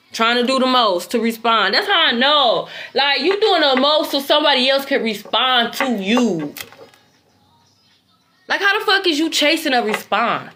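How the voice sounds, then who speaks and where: Brash, high-voiced tarot reader woman. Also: slight background noise. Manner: blunt, profane, animated. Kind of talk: casual tarot reading livestream.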